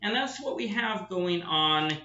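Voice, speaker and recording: Male professor, bright voice, chatty lecture, distant echoey room sound. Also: high voice, lively intonation, a little slow, muffled recording. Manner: chatty, self-deprecating teaching. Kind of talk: classroom lecture. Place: classroom with whiteboard.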